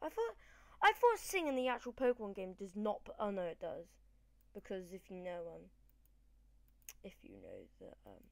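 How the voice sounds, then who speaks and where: Excitable woman gamer, dry close mic. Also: mid-range voice, moderate pace, no echo. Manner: excitable, rambling, swings between loud cheers and mumbles. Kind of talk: let's-play commentary. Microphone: desk microphone.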